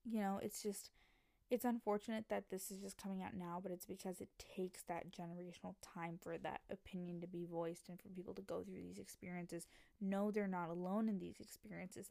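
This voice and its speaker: A young adult woman hosting a podcast, chatting casually and telling stories in an excitable, animated way, acting out quoted voices. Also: on the low side, vocal fry, no room sound. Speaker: podcast host. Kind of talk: casual chat.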